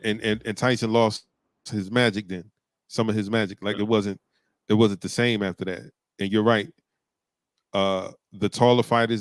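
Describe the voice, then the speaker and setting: A man in casual chat who speaks haltingly, repeating words as he gathers his thoughts. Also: fairly low pitch, smooth, no echo. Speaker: podcast co-host. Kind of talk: casual chat about boxing.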